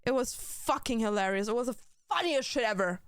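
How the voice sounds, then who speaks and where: A young woman chatting on a live stream, rambling and cracking crude jokes. Her voice is smooth and clear, recorded close and dry. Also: fairly high pitch, lively intonation, fairly quick, dry recording. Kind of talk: casual stream chat.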